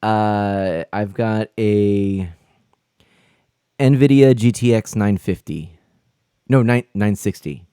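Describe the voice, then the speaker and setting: A man's voice: fairly low pitch, takes it slowly, pauses often, mellow, clean tone, no echo, studio quality. A man live-streaming a game, chatting with viewers and exclaiming in flustered, laughing bursts.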